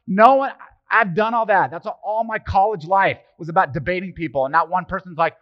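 Joking, animated man preaching a sermon. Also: high voice, normal speed. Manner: animated and joking, with rhetorical questions to the congregation. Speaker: pastor. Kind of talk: casual conversational sermon. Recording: slightly muffled, dry sermon recording.

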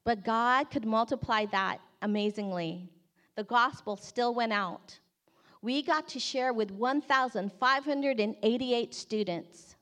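A woman who works in campus ministry, telling an earnest, expressive testimony and acting out the people in it. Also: fairly high pitch, a little slow. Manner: earnest, expressive storyteller who acts out quotes. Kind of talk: storytelling testimony talk.

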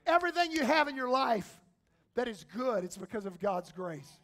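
A man preaching a sermon as pastor, moving from quiet, slow passages to shouted calls to the congregation. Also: extremely high pitch, very animated.

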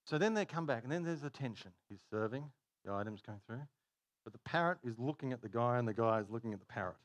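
A man preaching a sermon, telling stories in an animated way and laughing at his own jokes. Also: medium pitch, fast, no echo. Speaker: pastor.

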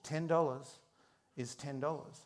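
A man voicing a stubborn, thrifty older woman who flatly refuses. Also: fairly high pitch, a little slow, pitched below the performer's own voice, close to an everyday voice. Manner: flat, firm refusal.

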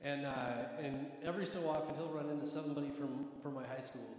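High-voiced worship pastor in an echoing hall. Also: male voice, steady tone, fairly quick, breathy edge. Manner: rambling and earnest, full of fillers and restarts. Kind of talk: casual talk from the stage before a song. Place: church hall with a long, echoing reverb. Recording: echoey hall with soft music behind.

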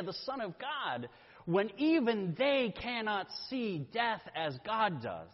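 Slow-preaching high-voiced male pastor. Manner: slow, deliberate preaching with dramatic pauses. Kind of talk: sermon. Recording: dull sound with long church reverb.

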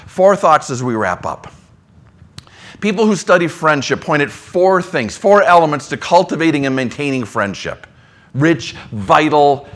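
A man preaching a sermon in a conversational way, dropping into soft low asides between emphatic lines. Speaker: pastor.

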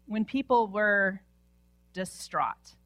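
A woman pastor preaching a sermon with impassioned delivery, often dropping to a hushed near-whisper at the ends of phrases. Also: medium pitch, lively intonation, takes it slowly, dry recording, faint music behind. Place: church sanctuary.

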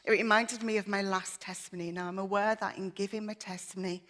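A woman's voice: medium pitch, steady tone, quick pace, a bit bright. A woman giving an earnest, emotional personal testimony in church, her voice shaky at times. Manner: earnest, emotional, with many fillers.

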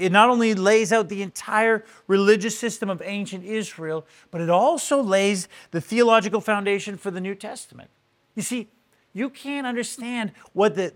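High-voiced earnest preacher man. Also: fairly bright tone. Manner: earnest, repeats words when starting phrases. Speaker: pastor. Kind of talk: sermon-style Bible teaching.

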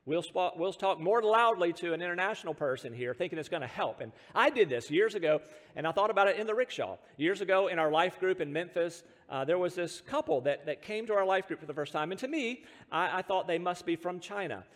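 High-voiced American pastor in a reverberant hall. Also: male voice, animated, brisk. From United States. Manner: storytelling with self-deprecating humor and chuckles. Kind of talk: sermon.

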